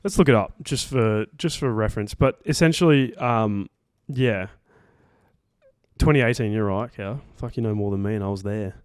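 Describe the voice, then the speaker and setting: A young Australian man co-hosts a podcast, telling a rambling, casual story full of swearing and "like" and "um" fillers. His voice is lowish, at normal speed and smooth, in clean studio quality with no echo.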